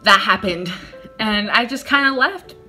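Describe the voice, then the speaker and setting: A woman's voice: mid-range voice, unhurried, over loud music. A young woman vlogger telling a personal story in a chatty, self-deprecating way, acting out her own nervous replies. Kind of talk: casual storytelling vlog.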